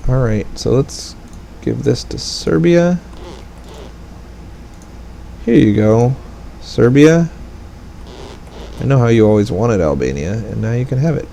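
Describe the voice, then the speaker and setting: Gravelly, relaxed man commentating a game. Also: on the low side, a little fast, few pauses, a little hiss or hum, poor audio. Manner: rambling, wry, chatty asides. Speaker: gaming let's play commentator. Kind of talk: casual gameplay commentary.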